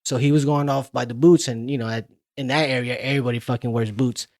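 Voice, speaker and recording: A man co-hosting a podcast, retelling movie scenes in a profane, animated casual chat. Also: mid-range voice, fast, no room sound, studio quality. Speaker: podcast co-host.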